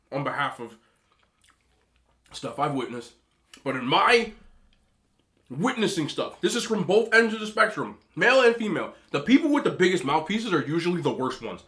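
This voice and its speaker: A man's voice: sits high, sharp tone. A man hosting a mukbang, giving opinionated casual rants while he eats and talks with his mouth full. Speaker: mukbang host. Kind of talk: casual ranting while eating.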